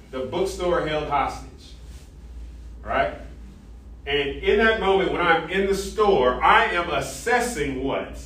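A man lecturing an ethics class, animated and interactive, quizzing students and tagging sentences with "right?". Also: fairly high pitch, far from the mic. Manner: animated, asks the class questions, frequent "right?". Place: large echoey classroom. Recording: echoey classroom recorded from afar.

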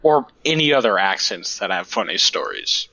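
A man sends a friendly, folksy voice message to a podcast. His voice is bright and tense, with a dry sound. The recording is dull and lo-fi. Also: low-pitched, huge pitch swings, moderate pace, creaky, no echo. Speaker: listener sending a voice message.

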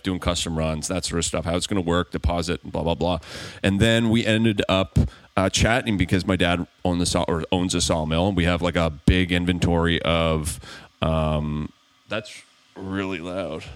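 Deep-voiced rambling podcast host, man. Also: smooth, dry recording. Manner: rambling, with many fillers and restarts. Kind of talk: casual podcast chat. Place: room in a big old house.

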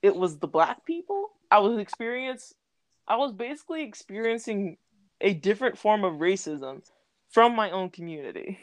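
A woman's voice: medium pitch, animated, normal speed, no echo. Chatty young woman, dry sound. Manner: chatty, laughs often, many fillers like "like". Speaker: podcast co-host. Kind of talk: casual chat.

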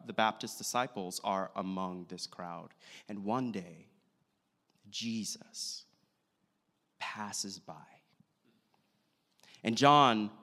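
A pastor preaching a sermon, retelling a scripture story earnestly and acting out the quotes. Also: male voice, medium pitch, a bit bright. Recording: long hall reverb.

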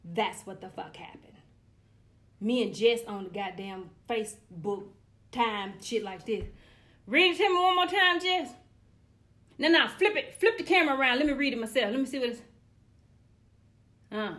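A woman's voice: mid-range voice, moderate pace, fairly bright tone. A woman in her forties talking straight to her viewers in a casual monologue, blunt and profane, ranting with comic exasperation. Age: 40s. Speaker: vlogger.

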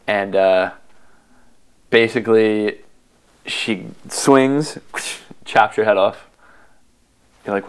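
Smooth-voiced man recapping a game. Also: on the low side, steady tone. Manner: enthusiastic storytelling, acts out lines in quick voices. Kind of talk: casual chat recapping a video game.

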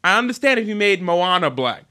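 A young man hosting a casual entertainment podcast, joking and animated as he tells stories. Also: high voice, brisk. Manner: joking, animated storyteller who mimics voices. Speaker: host.

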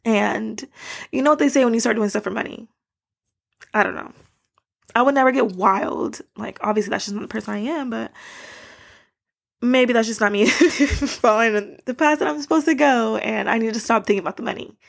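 Animated young woman with a gravelly edge. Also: fairly high pitch, normal speed. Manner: animated, exasperated ranting with slang. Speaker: podcast host. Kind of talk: casual chat to listeners.

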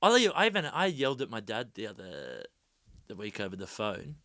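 A man co-hosting a podcast in casual chat, heartfelt and going soft when moved. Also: lowish voice, huge pitch swings, normal speed, no room sound, clean studio sound. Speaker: podcast co-host.

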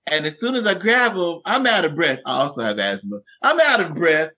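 A man, a teacher and podcast guest, telling a funny classroom story in animated conversation and acting out the quotes. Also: a little high, a little fast. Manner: lively anecdotes, acts out quotes.

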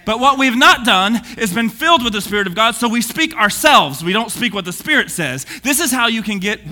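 A pastor delivers an energetic sermon with restless energy, his very high, sharp, forceful voice swinging between booming and hushed. He is very animated and speaks at a normal speed. A church hall's long reverb trails each phrase.

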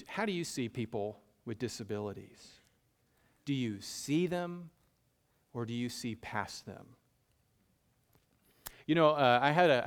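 A man with a Southern US accent preaching a conversational sermon, folksy and self-deprecating, often repeating a point for emphasis. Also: medium pitch. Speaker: pastor.

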